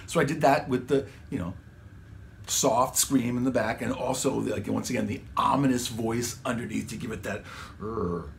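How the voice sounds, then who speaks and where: Explaining his vocal recording process in a home studio, this songwriter and guitarist rambles casually and drops words like "man" and "dude." He speaks at a normal speed in a steady, mid-range, creaky voice, with a little hiss or hum behind it.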